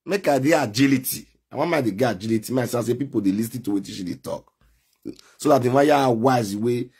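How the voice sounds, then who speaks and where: A man with a Nigerian Pidgin accent hosting a live stream, loudly calling out to his viewers. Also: mid-range voice, a little fast, breathy edge. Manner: calls out loudly to viewers, animated.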